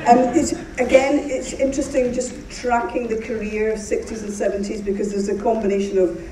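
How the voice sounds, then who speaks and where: A woman's voice: a little high, fairly even intonation, a little fast, mellow, a little hiss or hum. A woman hosting an on-stage interview, chatty and prompting with questions. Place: theatre stage before an audience. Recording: roomy, distant live theatre recording.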